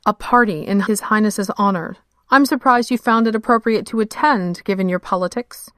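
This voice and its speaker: A woman's voice: mid-range voice, normal speed, a bit bright, no echo, studio quality, close to an everyday voice. A woman voicing a composed, formally polite noblewoman from London who speaks with cool dignity in an audio story. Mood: poised. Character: poised, dignified noblewoman investigator.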